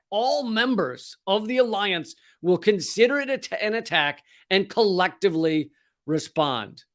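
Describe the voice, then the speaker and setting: Sarcastic man, high-pitched voice. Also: sharp tone. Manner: sarcastic, profane, acts out silly voices. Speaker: host. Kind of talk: comedic political commentary.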